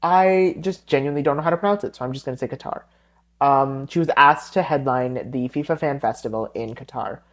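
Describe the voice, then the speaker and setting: A man's voice: mid-range voice, fairly quick, few pauses. A man hosting his own podcast alone, chatting casually and going off on tangents, often correcting himself mid-sentence. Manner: rambling, tangent-prone, self-correcting. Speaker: podcast host. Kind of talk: solo podcast chat.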